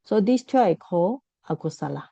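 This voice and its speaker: A woman's voice: lowish voice, expressive, moderate pace, creaky, dark tone, slightly rough, no room sound, muffled recording. A woman teaching a Buddhist class, explaining patiently, repeating key points and correcting herself.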